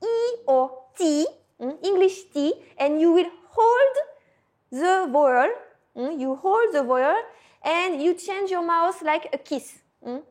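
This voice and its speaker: A woman's voice: extremely high pitch, lively intonation, slow, darkish tone. A woman, a teacher patiently coaching pronunciation and often checking in with "hmm?". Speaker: French teacher. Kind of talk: pronunciation lesson.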